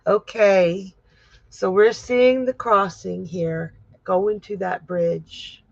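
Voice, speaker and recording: A woman working as a psychic medium who gives tarot readings on a livestream and reads viewer comments aloud in a gentle, comforting way. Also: medium pitch, fairly even intonation, takes it slowly, gravelly, no echo, dull audio.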